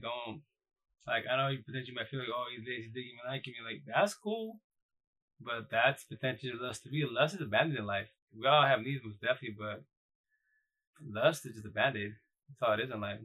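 A man's voice: mid-range voice, vocal fry, bright, forceful tone, low-quality recording. A man hosting a casual live stream, talking bluntly in loose slang with many restarts. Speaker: live-stream host giving dating advice. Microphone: phone or computer mic on a live stream.

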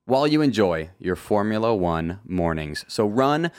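A man's voice: on the low side, big pitch swings, normal speed, darkish tone, clean tone, no room sound. A man hosting a solo motorsport podcast, reading from a script with jokey, self-deprecating asides. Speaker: podcast host.

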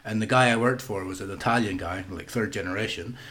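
A man's voice: on the low side, quick pace, a bit bright. A man co-hosting a casual podcast chat, blunt and sweary, laughing often and acting out quotes. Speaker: podcast co-host.

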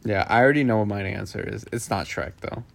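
A man's voice: on the low side, fast, creaky. A man co-hosting a podcast in casual chat, playful and teasing. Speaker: podcast co-host.

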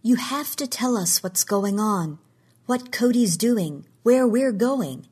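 A woman's voice: a little high, expressive, unhurried, darkish tone, slightly rough, pitched above the performer's own voice. A woman reading the lines of a frightened, desperate woman whose voice rises with anxiety. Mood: anxious, pleading. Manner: pleading, anxious, voice rising.

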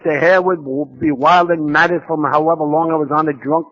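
A man's voice: a little high, fairly even intonation, a little fast, highs cut off. A man from New York, telling his recovery story at a conference in a humorous, self-mocking way with vivid repetition.

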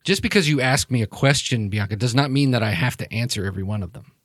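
A man voicing a cold, menacing male crime boss in a tabletop game, speaking in slow, quiet, measured threats. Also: mid-range voice, no room sound, clean studio sound, lightly acted.

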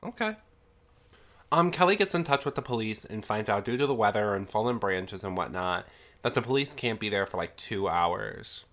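Congested from a sinus infection, this young podcast host talks through a horror film at normal speed in a low-ish, animated, slightly bright voice. His recap is chatty and sarcastic, packed with "like."

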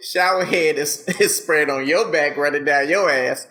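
A man talking in a relaxed podcast chat, his voice bright and forward and pitched a bit high. He swears freely, uses plenty of slang and keeps breaking into laughter as he spins his stories. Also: a little slow. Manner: laughing often, slangy and profane, animated storytelling. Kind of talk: casual chat.

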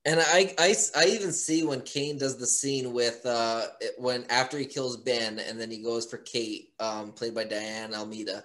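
A man's voice: medium pitch, fairly even intonation, moderate pace, hardly any pauses, fairly bright tone. A man hosting an interview, chatting eagerly like a fan and listing names and credits. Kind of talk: casual interview chat.

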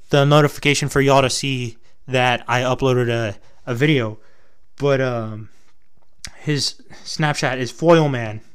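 Talking to his viewers on camera, this young male vlogger from Texas rambles casually and profanely in a Texas twang. He sits a little high, with a fairly bright, clear, resonant tone.

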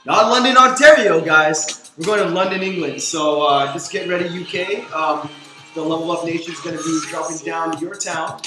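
A man's voice: on the high side, steady tone, moderate pace. Man, podcast host, casual and upbeat, talks straight to listeners, roomy echo. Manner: upbeat, keeps calling the listeners "guys". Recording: roomy room with loud music behind.

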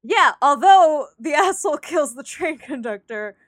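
Woman recapping a movie, kinda high voice, really animated, dry close sound. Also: unhurried, no room sound. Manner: animated, swearing, acts out quotes. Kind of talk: casual chat about a movie.

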